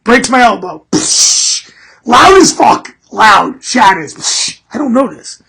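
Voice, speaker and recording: Casting: middle-aged man, husky voice, animated storyteller who swears a lot. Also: high voice, takes it slowly. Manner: animated, profane, laughing through story. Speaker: podcast host. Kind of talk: casual storytelling.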